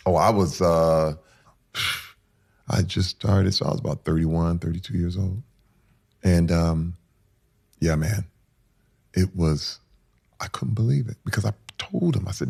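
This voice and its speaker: A man in his forties telling a painful personal story in rough, casual speech that builds to loud intensity. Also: sits low, a little slow, long pauses.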